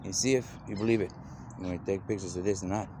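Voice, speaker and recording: A man's voice: deep voice, steady tone, fast talker, noisy background. A man talking in a loose, rambling monologue, repeating "you know" constantly and drifting from idea to idea.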